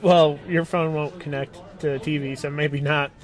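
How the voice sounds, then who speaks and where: A man's voice: a little high, steady tone, moderate pace. A man co-hosting a podcast in casual chat, playful and teasing, laughing often. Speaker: podcast co-host.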